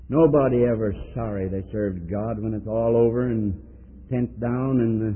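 A man preaching a sermon, swinging between loud pleading and low hushed tones as he fires off rhetorical questions. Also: normal speed, slightly rough. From United States. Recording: tinny phone-like archival recording.

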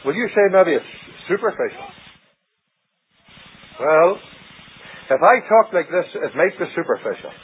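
A man preaching a sermon, dramatic, with sudden rises and hushed drops. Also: a little high, very animated, unhurried, long pauses, husky. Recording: tinny old radio broadcast.

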